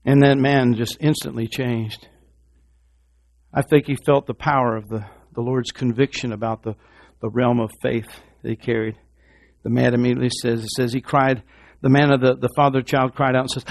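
A pastor preaching a sermon, moving from quiet, low talk to loud, shouted passages and repeating phrases for emphasis. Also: male voice, animated, normal speed.

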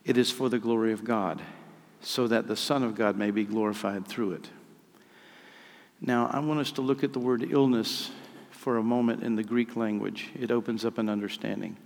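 A man's voice: on the low side, fairly even intonation, normal speed, creaky. Man preaching in a reverberant hall. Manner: dramatic reading, rising to loud cries on key lines. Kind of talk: sermon with scripture reading.

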